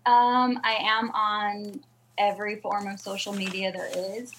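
A woman's voice: mid-range voice, fairly even intonation, unhurried, a bit bright, slight background noise, low-quality recording. A woman comedian answering interview questions in a chatty, self-deprecating way, with many fillers. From Southern California. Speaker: stand-up comedian guest.

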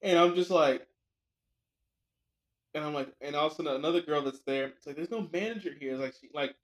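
A man's voice: on the high side, fast talker, rough recording. A young man co-hosting a podcast, telling a rambling story in casual chat with lots of filler words. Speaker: podcast co-host.

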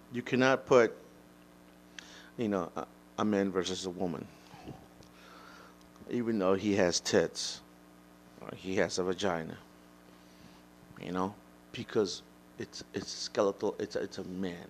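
A podcast host delivers a solo opinion monologue in a fairly low, fairly bright male voice, with slight hiss or hum on the recording. He rambles bluntly, swears, restarts often, and mocks imagined critics in a raised, sneering voice.

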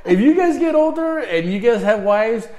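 Lively, profane middle-aged man in an echoey room. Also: extremely high pitch, moderate pace. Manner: loose and profane, mixing in Spanish words. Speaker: podcast co-host. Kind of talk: casual chat.

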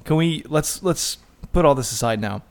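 A man's voice: fairly high pitch, expressive, moderate pace, a little hiss or hum. Laid-back teasing male podcast host. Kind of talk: casual podcast banter.

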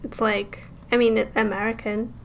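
A woman's voice: a little high, little pitch movement, moderate pace, slight background noise. A woman chatting casually on a podcast. She hesitates with fillers. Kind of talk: casual chat.

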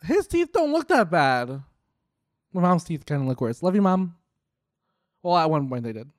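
A young man making casual, sarcastic reaction commentary, swearing and tossing off quick jokey asides. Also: fairly high pitch, sing-song, dry recording, studio quality.

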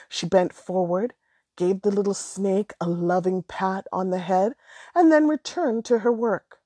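A woman narrating a storybook aloud in a measured, expressive way. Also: medium pitch, husky, dry recording.

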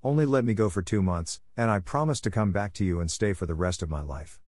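A man's voice: low voice, quick pace, dry recording, clean studio sound, close to an everyday voice. A man voicing a kind, earnest young woman in a storybook reading. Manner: soft, earnest.

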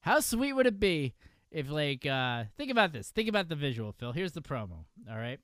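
A man's voice: on the high side, sing-song, moderate pace, fairly bright tone, clear, resonant tone, no echo, clean studio sound. A man from upstate New York with a New York accent, hosting a casual wrestling podcast, joking and laughing often. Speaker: podcast host.

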